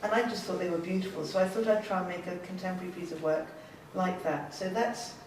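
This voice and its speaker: A woman's voice: lowish voice, fairly even intonation, quick pace, recorded from a distance, a little hiss or hum. A woman artist giving an informal, enthusiastic gallery talk to an audience, chatty and self-deprecating. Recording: very echoey room, voice from afar.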